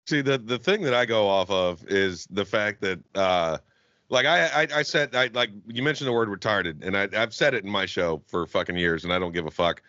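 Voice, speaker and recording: Bright-voiced profane man, dry sound. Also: lowish voice, animated, normal speed, dry recording. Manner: profane, rambling, restarts. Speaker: podcast host. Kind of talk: casual podcast chat. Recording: dry, slightly dull sound.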